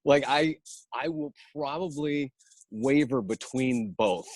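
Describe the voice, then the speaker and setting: A man's voice: medium pitch, slow, darkish tone, no room sound. A middle-aged man, an improv teacher, talking animatedly as a podcast guest, laughing often and slipping into voices. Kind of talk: casual podcast interview.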